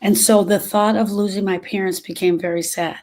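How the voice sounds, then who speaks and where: Give me a middle-aged woman talking to her followers, earnest and confiding, unhurried on the heavy parts. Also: medium pitch, fairly even intonation, darkish tone. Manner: earnest, confiding, slows down on emotional points. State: emotional, short of breath at moments. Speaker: grief specialist. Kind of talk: personal talk to followers.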